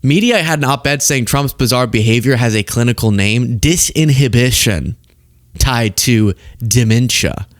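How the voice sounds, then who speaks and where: A man hosts a political commentary show in a casual, sarcastic voice, mid-pitched and recorded close and dry. He often breaks into high, mocking impressions. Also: measured pace, no room sound.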